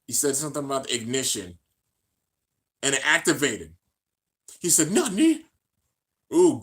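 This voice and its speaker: Hyped young man calling anime battles. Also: medium pitch. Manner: hyped, shouts at big moments, slangy. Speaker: anime reaction commentator. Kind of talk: excited casual play-by-play commentary.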